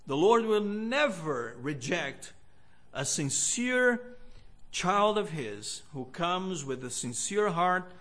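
High-voiced man preaching slowly. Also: big pitch swings, fairly bright tone. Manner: earnest, measured preaching with pauses. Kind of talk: sermon.

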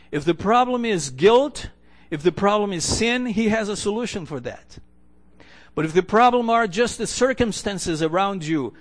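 This earnest sermon comes from a male pastor whose voice sits high. Preaching in church, he drives points home by repeating key phrases and lets the end of each line sink to a hush.

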